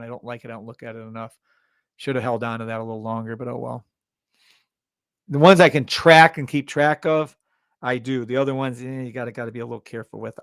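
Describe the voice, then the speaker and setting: A man hosting a live trading stream, loud and hyped, cursing freely and dropping from shouts to mutters. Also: medium pitch, vocal fry, dry recording.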